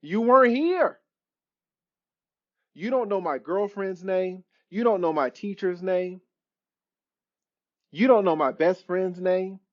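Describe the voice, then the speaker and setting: A man's voice: high voice, slow, long pauses, lo-fi sound, voice pushed up. A man acting out a resentful teenage son who confronts his absent father in a raised, accusing voice.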